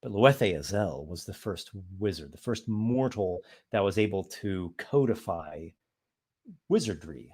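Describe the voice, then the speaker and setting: A man's voice: low-pitched, animated, unhurried, darkish tone. A man hosting his monthly live stream, reading out viewer comments and chatting casually with many fillers. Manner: rambling, thoughtful, many fillers.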